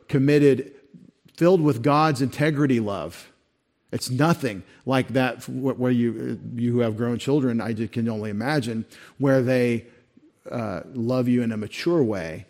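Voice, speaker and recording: A man's voice: medium pitch, darkish tone. A man preaching a sermon, talking conversationally and growing emphatic when he reads scripture and hymn lines aloud. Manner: conversational, rising to emphatic when reading verses. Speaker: pastor.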